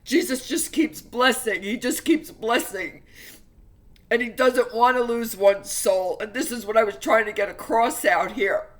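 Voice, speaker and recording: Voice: mid-range voice, a little slow. Earnest, fervent religious vlogger. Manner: earnest, fervent, stumbling restarts. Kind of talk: emotional personal testimony to viewers.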